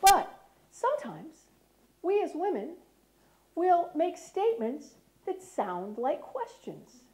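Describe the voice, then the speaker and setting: A woman's voice: very high-pitched, sing-song, slow, darkish tone. A middle-aged American woman giving a lecture, often checking in with the audience by asking "right?". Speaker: speaker. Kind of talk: lecture talk.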